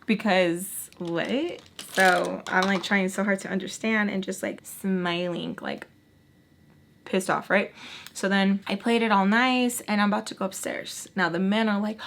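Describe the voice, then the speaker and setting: A young woman vlogger chatting through a casual storytime, full of "like" fillers and sudden jumps in pitch as she acts out what people said. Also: fairly quick, a bit bright. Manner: lots of "like" fillers, swears casually.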